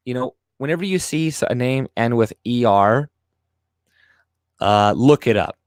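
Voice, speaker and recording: A man's voice: mid-range voice, lively intonation, a little slow, pauses often, no room sound, studio quality. A young man whose first language is French, hosting a casual livestream and reading chat comments aloud in a sarcastic, profane rant. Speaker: livestream host.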